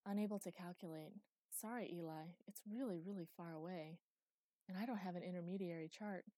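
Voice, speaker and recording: A woman voicing a young female ship AI in an audiobook, speaking softly and hesitantly with guilt. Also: fairly low pitch, brisk, no room sound, lightly acted. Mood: apologetic.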